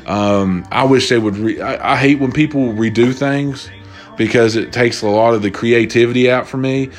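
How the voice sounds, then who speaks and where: A man's voice: medium pitch, moderate pace, soft background music. A young man hosting a casual solo podcast, rambling and swearing freely as he retells stories. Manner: profane, rambling, loose storytelling. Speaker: podcast host.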